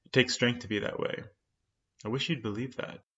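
A man reading the lines of a tender young woman who pleads softly with her lover, in a soft, earnest, often hushed manner. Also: mid-range voice, steady tone, moderate pace, natural voice. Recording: dull lo-fi sound.

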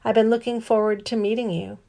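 A woman voicing a suave, polite male robot with a sonorous voice and a light Italian accent, speaking with gentle formality. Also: fairly high pitch, steady tone, a little fast, creaky.

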